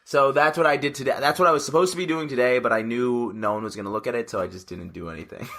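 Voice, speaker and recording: A young man in his twenties chats on a casual podcast, telling a rambling story with plenty of restarts and laughter. His voice sits at an ordinary pitch with a bright, forward tone. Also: fast talker. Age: 20s. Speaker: podcast co-host. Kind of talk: casual chat.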